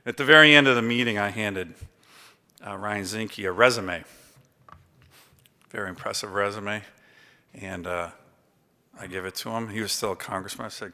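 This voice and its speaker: Bright-voiced man speaking in a big hall. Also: fairly low pitch, moderate pace, pauses often. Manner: chatty anecdotal storytelling with many fillers. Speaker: award recipient giving a speech. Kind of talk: after-dinner acceptance speech. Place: large banquet hall. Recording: long reverb of a big hall.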